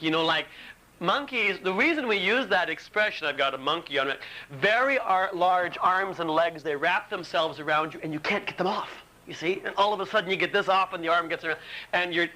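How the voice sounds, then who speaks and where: Bright-voiced man telling his recovery story. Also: fairly high pitch, low-quality recording. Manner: storytelling, candid and self-mocking, acts out his inner argument. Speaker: speaker at a recovery retreat. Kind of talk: personal recovery talk to a live audience. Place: retreat meeting room. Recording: old tape with faint hiss.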